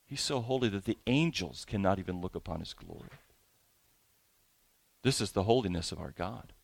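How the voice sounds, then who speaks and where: A man's voice: low voice, gravelly, breathy edge, dry recording. Man preaching with dry close sound. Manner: preaching with rising emphasis and slow drawn-out scripture reading. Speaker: pastor. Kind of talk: sermon.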